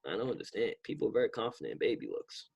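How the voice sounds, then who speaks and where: Husky New man chatting casually. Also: mid-range voice, very animated, rapid-fire, darkish tone. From New York. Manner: laid-back, rambling, swears freely. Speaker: podcast co-host. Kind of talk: casual chat.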